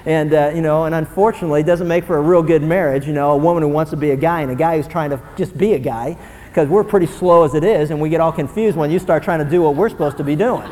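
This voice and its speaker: A young man preaching a sermon, animated and swinging from low, quiet asides to loud, excited bursts. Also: fast. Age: young adult. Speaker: pastor. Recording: long hall reverb.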